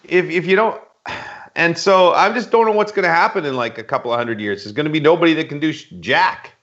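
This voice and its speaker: A man's voice: on the high side, fast talker, a bit bright, muffled recording. A man co-hosting a casual podcast, telling stories about himself and laughing often. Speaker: podcast co-host.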